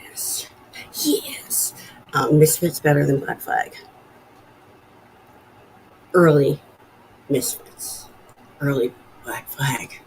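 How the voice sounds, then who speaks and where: A woman's voice: extremely low pitch, steady tone, slow pace, pauses often, darkish tone, a little hiss or hum, low-quality recording. A woman in her forties hosting a casual live stream from home, rambling and chatty as she reads viewer comments aloud. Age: 40s. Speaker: livestream host.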